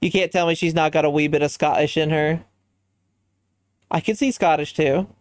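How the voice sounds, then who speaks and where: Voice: medium pitch, steady tone, moderate pace, no room sound. A livestreamer chatting casually while designing a character, thinking aloud and answering chat in a musing way.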